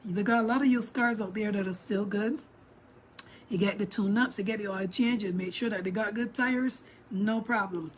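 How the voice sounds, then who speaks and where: A middle-aged woman vlogger telling a story to her viewers, animated and emphatic, speaking straight to them. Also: mid-range voice, moderate pace, slight background noise.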